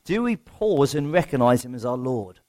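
A man's voice: mid-range voice, sing-song, normal speed, darkish tone. A man preaching a sermon in a conversational way, asking rhetorical questions and poking fun at himself. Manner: rhetorical questions, self-deprecating humour.

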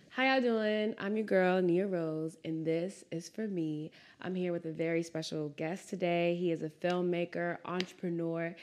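A woman hosting a casual interview, talking with lively, emotional bursts. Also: on the low side, slight background noise. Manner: warm, emotional, animated bursts. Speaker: podcast host.

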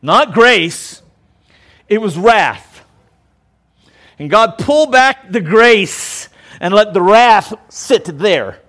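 A man's voice: sits high, lively intonation, drawn-out words, pauses often, a bit bright. A male pastor preaching a sermon in an emphatic, conversational way. He often stops to check in with the listeners.

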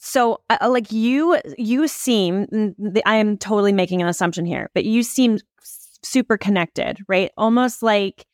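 A woman's voice: mid-range voice, moderate pace, no echo, clean studio sound. A woman hosting a podcast, asking a guest a question with many restarts. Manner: hesitant, restarts while forming questions. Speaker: podcast host. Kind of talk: casual interview chat.

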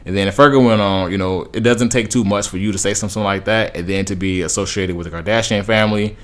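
A man's voice: fairly low pitch, fairly even intonation, fast talker, fairly bright tone. A man talks through his opinions in a loose, rambling way. He is a podcast host, and he fills his sentences with "um" and "like" and restarts them as he goes. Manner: rambling, conversational, many fillers and restarts. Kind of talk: casual opinion commentary.

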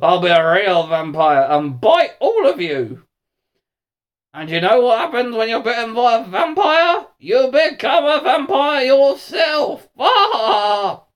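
A man voicing a troublemaking boy with vampire teeth, snarling threats in a raised, shouting voice. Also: extremely high pitch, very animated, slow, voice pushed up, exaggerated voice. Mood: menacing.

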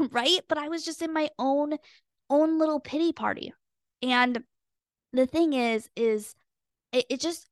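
A young woman hosting a podcast, telling a personal story in an earnest, expressive way and acting out her own past thoughts. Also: high voice, dry recording, clean studio sound. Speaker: podcast host and weight loss coach.

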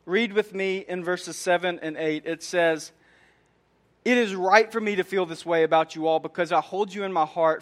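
A young man preaching a sermon in a casual, conversational way, telling stories and often saying "man" and "like". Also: sits high. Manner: frequent filler "man" and "like".

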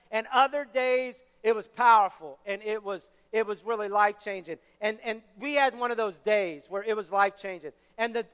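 A young man preaching a sermon, telling stories with animated shouted bursts. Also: very high voice, clear, resonant tone. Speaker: pastor. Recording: reverberant hall.

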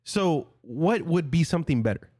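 Agreeable young man, lively higher voice. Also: dry recording, clean studio sound. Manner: agreeable, quick to laugh, chimes in. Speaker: podcast co-host. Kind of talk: casual chat.

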